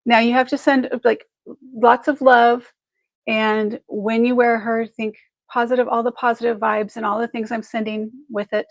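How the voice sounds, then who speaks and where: A woman hosts a live jewelry sale in an effusive, rambling way, thinking aloud between measurements. Her voice sits a little high and has a gravelly fry to it. The sound is close and dry. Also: level tone, normal speed, no echo, poor audio. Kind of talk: live shopping stream chat.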